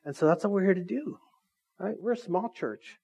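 A man's voice: high voice, animated, normal speed, a little mellow, breathy edge. A middle-aged man preaching a casual sermon as lead pastor of a small church, conversational and self-deprecating, often checking in with the congregation.

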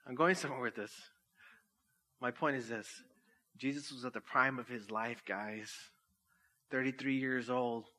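A man's voice: mid-range voice, steady tone, a little slow, long pauses, bright, forceful tone. A middle-aged man preaching a sermon, casual and jokey, laughing at himself, then reading scripture and praying. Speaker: pastor.

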